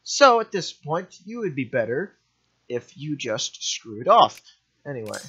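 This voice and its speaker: A man's voice: fairly high pitch, big pitch swings, unhurried, pushed and bright, breathy edge, lo-fi sound. A young man giving offhand, rambling commentary while playing a strategy game, often correcting himself. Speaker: gaming commentator. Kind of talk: let's play commentary.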